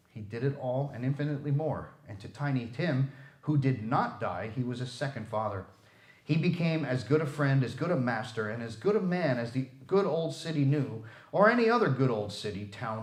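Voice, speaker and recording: Guy reading a story out loud, super expressive, lively voice, echoey room. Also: medium pitch, normal speed. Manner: expressive, theatrical. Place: library room.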